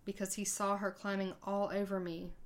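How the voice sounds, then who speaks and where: A woman podcast host telling a personal story in a conversational way, acting out the dialogue with halting hesitations. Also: mid-range voice, level tone.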